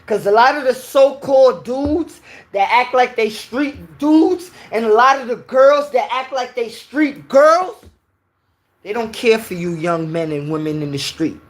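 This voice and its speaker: A woman's voice: a little high, expressive, unhurried. A woman from New York with a New York accent, giving a heated, preachy opinion rant and repeating her points.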